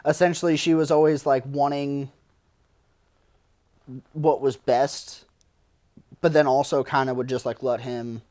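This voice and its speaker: A man guest-hosting a podcast in casual chat, excitable and laughing often, swearing and full of fillers. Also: mid-range voice, unhurried, pauses often. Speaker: podcast producer, guest host.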